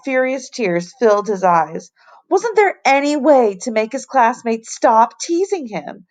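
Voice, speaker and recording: A woman fourth-grade teacher reading a children's chapter book aloud to her class in an expressive, clear way. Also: a little high. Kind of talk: storybook read-aloud.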